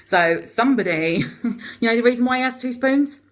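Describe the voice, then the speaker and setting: A woman with a Cockney accent hosting a live stream, chatting rapidly and encouragingly to her viewers. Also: a little high, animated. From London. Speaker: host of a live support video. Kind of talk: casual live-stream chat.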